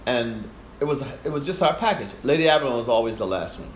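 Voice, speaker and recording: A man's voice: medium pitch, quick pace. An older man, a guest performer, telling a story in conversation and acting out the voices of the people in it. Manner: animated storyteller, acts out voices. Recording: echoey room, faint hiss.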